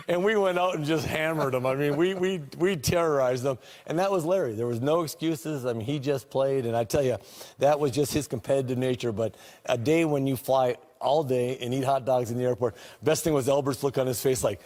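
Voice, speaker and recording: A man's voice: medium pitch, a little fast, a little mellow. A former pro basketball player tells stories in an interview, his voice mid-range and easy. He chuckles as he goes and leans on "you know" between phrases. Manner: chuckling storyteller, lots of "you know" fillers. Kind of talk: anecdotal interview storytelling.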